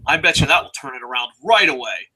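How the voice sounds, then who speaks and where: A man's voice: mid-range voice, very animated, quick pace, sharp tone. A middle-aged man co-hosting a casual chat, ranting profanely and mocking people as he talks. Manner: profane, rants with mocking voices. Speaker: podcast co-host.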